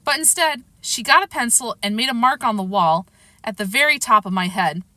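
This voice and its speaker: Woman reading a kids book out loud, lively and expressive, bright voice, dry close sound. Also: on the high side, a little fast, no echo. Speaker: reader. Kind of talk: storybook narration.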